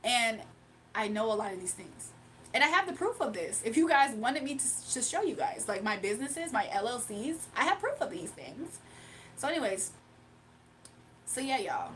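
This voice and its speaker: A young woman with a high voice hosts a casual livestream, talking straight to her chat. She sounds combative and mocking as she brushes off critics. A faint room ambience sits under her webcam mic. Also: big pitch swings, normal speed, fairly bright tone, slight background noise. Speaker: livestream host.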